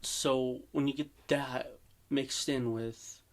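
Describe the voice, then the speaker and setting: A man's voice: medium pitch, fairly even intonation. A man hosting a reaction video, talking earnestly and a little shakily about what he watches. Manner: slow, earnest, shaky-voiced. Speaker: reaction host. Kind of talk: casual commentary.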